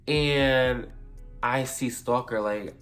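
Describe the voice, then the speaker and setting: A man's voice: mid-range voice, very slow, fairly bright tone, faint music behind. A young man casually telling a storytime tale for a vlog, rambling, swearing freely and correcting himself as he goes. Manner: rambling, profane, self-correcting.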